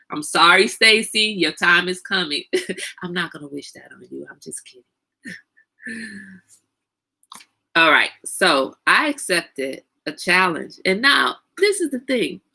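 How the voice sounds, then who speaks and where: A woman's voice: fairly low pitch, lively intonation, a little slow, gravelly, long pauses, pushed and bright. A woman hosting a casual livestream, chatting animatedly, greeting viewers by name and laughing often. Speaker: livestream host.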